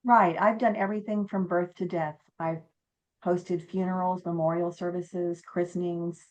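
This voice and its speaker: A woman with a lowish voice, speaking at normal speed, guests in a casual interview about the haunted inn she owns. She's an animated storyteller who acts out the quotes.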